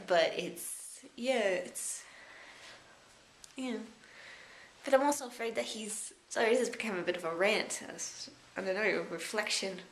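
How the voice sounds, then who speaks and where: A young Australian woman rambling reflectively into a personal vlog, halting often with fillers as she thinks aloud. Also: mid-range voice. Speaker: vlogger. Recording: echoey room with faint background noise.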